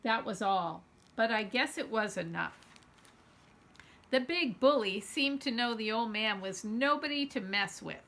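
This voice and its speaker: A woman reading a children's novel aloud in an expressive first-person storytelling voice. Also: fairly high pitch, measured pace. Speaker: storytime reader.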